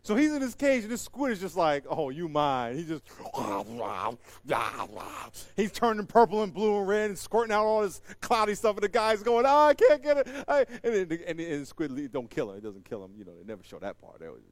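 A man doing stand-up storytelling, animated and acting out the voices in his story while laughing at it himself. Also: on the high side, a little fast. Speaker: comedian.

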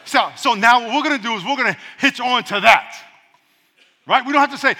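A man's voice: very high voice, brisk, pushed and bright, long reverb tail. A man preaching a sermon as pastor, calling on the congregation to repeat after him, with playful asides. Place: church.

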